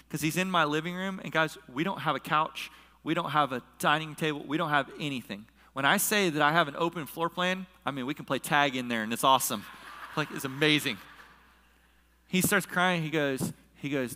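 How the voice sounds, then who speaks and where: A man's voice: a little high, a little fast, bright, forceful tone. A middle-aged male pastor telling a personal story in a casual, emotional sermon, at times choking up. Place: church hall with a live audience. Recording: long hall reverb.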